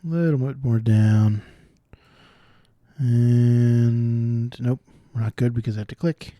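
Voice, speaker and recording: A man solving cryptic crossword clues out loud, thinking through each one and explaining the wordplay as he goes. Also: medium pitch, steady tone, takes it slowly, no room sound. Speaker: puzzle solver.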